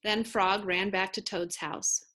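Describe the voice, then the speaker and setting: A woman teacher reading a children's storybook aloud in a clear, measured, gentle way. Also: mid-range voice, fairly even intonation. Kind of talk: read-aloud storybook narration.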